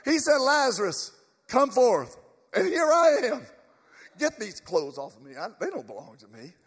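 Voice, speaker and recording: Man playing Lazarus: a revived man, pitched high and insistent, in reverb. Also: normal speed, slightly rough, heavily acted. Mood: excited. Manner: excited, insistent. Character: Lazarus, a dead man raised, bewildered and joyful. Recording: long church reverb.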